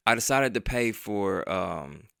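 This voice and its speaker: A man's voice: lowish voice, lively intonation, a little slow, vocal fry, pushed and bright, clean tone, dry recording, studio quality. A man telling a personal story in a casual, profane storytime monologue, acting out the dialogue as he goes. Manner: conversational and profane, retelling with quoted dialogue. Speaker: vlogger and podcaster.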